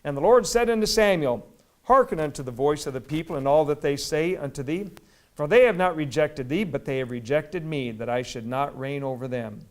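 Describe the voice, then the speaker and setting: A man preaching a sermon as pastor, reading scripture slowly and rising to loud, emphatic peaks. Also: fairly high pitch. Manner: reads scripture slowly in old-fashioned wording.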